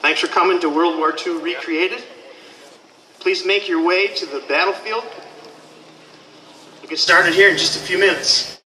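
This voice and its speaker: A man's voice: high voice, steady tone, a little slow, pauses often, bright, forceful tone, echoey room, far from the mic, low-quality recording. A man hosting an outdoor event and announcing to a crowd. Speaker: event host.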